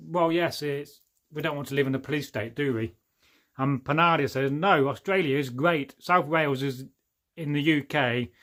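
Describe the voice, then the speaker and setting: A man's voice: fairly high pitch, fairly bright tone. Man, middle-aged, livestream host, jokey and rambling, slightly raised voice. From England. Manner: chatty, jokey, laughs often, rambling asides. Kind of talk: casual livestream chat reading comments.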